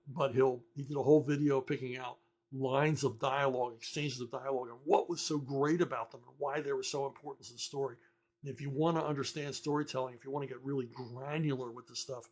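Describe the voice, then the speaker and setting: An older man hosting a casual question-and-answer show, rambling with many fillers and restarts and chuckling often. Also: mid-range voice. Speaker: host answering viewer questions. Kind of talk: casual chat.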